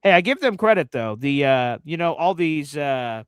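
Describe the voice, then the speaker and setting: Excitable New sports host. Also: male voice, on the high side, moderate pace, clear, resonant tone, no room sound. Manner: excitable, mocking, chatty. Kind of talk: casual sports talk show.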